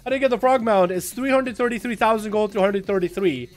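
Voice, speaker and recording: A man with a raised, high-pitched voice talks to his live chat while playing a game, swearing freely. He is excitable and breaks into loud rants. It is casual and unscripted. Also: quick pace, faint music behind. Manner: profane, excitable, swings into loud outbursts. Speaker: game streamer. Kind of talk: casual livestream commentary.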